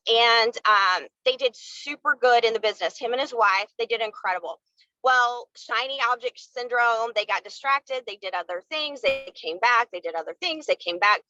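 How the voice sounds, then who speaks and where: Woman, sales team leader, motivational live talk, high bright voice, candid and fired-up. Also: dry recording, muffled recording. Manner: candid, fired-up, uses y'all. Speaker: network marketing team leader.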